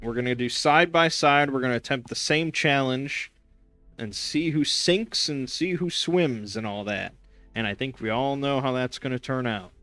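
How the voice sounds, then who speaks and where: A young man rambles through a casual stream chat with a sarcastic edge, tripping over fillers and restarts. His voice is bright and crisp, recorded close and dry, with faint music underneath. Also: medium pitch, moderate pace, no echo. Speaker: streamer hosting a gaming chat show.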